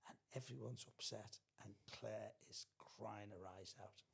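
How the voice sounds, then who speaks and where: A man's voice: on the low side, steady tone, unhurried, creaky, husky. An older man, telling a theatrical anecdote as a podcast guest. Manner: theatrical storyteller.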